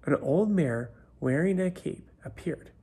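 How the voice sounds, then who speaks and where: A man reading a children's picture book aloud, unhurried, often dropping to a whisper. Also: a little high, lively intonation, warm tone, husky. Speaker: storybook reader. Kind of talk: children's story read aloud.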